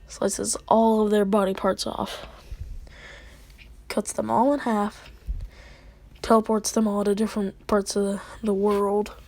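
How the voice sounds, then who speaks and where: Gravelly, husky woman telling a story casually, rambling and slangy. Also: medium pitch, steady tone, unhurried, long pauses, a little mellow. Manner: rambling, slangy narration with fillers. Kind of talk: casual storytelling of a fan scenario.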